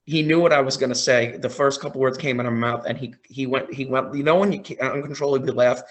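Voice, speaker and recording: A man on a podcast as a guest, telling a story in a casual, excited way, often quoting his own reactions. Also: mid-range voice, fast talker. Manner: excited, retelling with quoted reactions.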